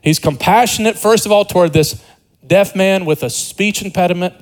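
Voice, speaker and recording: A man's voice: high-pitched, moderate pace, low-quality recording. A man preaching an expository sermon in a conversational way, repeating words and dropping joking asides.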